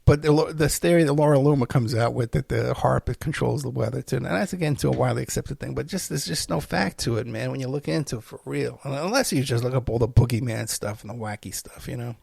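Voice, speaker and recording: A man's voice: mid-range voice, fast, gravelly, hardly any pauses, darkish tone, slightly rough, dry recording. A man hosting a podcast, telling a story in a loose, rambling way, with laughs and restarts. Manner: rambling, laughing, self-interrupting. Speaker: podcast host. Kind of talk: casual storytelling monologue.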